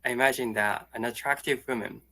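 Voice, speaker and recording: A man's voice: mid-range voice, fairly even intonation, fairly quick, bright, forceful tone. A young man from Japan, a native Japanese speaker and host, asking prepared questions in English over a video call. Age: young adult. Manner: asks prepared questions, brief acknowledgements. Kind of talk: casual interview.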